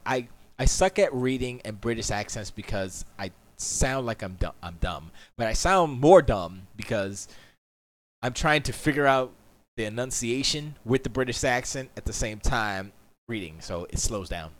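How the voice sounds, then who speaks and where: A man's voice: mid-range voice, lively intonation, normal speed. A man chatting casually on a live stream from his home studio, rambling and opinionated, often mocking what others say.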